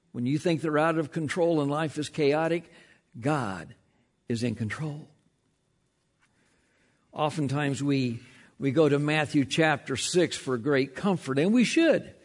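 A man preaching a sermon as pastor, emphatic, often slowing and dropping to a hush on key lines, with frequent repeated words as he restarts. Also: on the high side.

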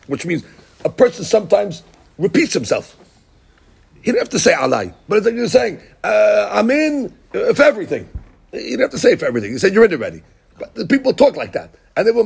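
Gravelly man teaching a Talmud lesson. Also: high-pitched, darkish tone. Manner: explains text line by line, acts out the speakers' words.

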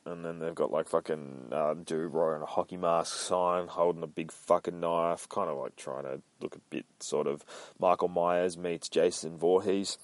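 A man's voice: sits low, steady tone, moderate pace, no echo. A man casually narrating a comic book page by page, rambling and swearing, often laughing. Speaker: comic book podcast host. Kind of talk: casual comic read-along.

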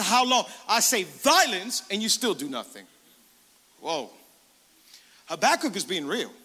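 An energetic male pastor preaches to his congregation, calling out and acting out prayers in his own voice. His voice sits high and sounds sharp and bright. The sound carries a long reverb from a large church hall. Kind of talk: sermon. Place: church sanctuary.

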